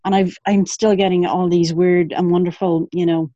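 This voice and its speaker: A woman in casual chat on a group call, chatty and quick to swear, laughing at herself. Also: on the low side, level tone, mellow, no echo, dull audio. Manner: chatty, swears freely, self-deprecating. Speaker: group member in online call.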